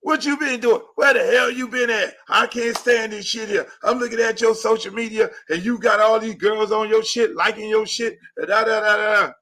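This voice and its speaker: A man's voice: steady tone, normal speed, hardly any pauses, sharp tone, full character voice. A man putting on the voice of a jealous, nagging girlfriend who fires accusing questions over and over. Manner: shrill, accusing, repeating questions.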